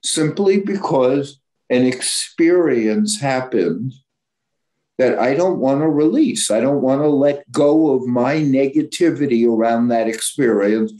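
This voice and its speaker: Slow-talking, candid male psychologist. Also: mid-range voice, dark tone. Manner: candid and blunt, with stumbles and self-corrections. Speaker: psychologist and guest speaker. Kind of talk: informal lecture.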